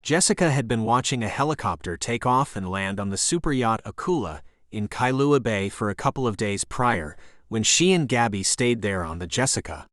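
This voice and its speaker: A man reading a thriller audiobook as narrator, in a steady storytelling voice. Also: fairly low pitch, normal speed, no echo, clean studio sound. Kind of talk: scripted narration.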